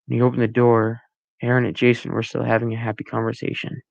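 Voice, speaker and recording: A man reading his own story aloud, halting now and then with restarts and corrections. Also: medium pitch, monotone, creaky, darkish tone, no echo, lo-fi sound. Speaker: amateur story reader.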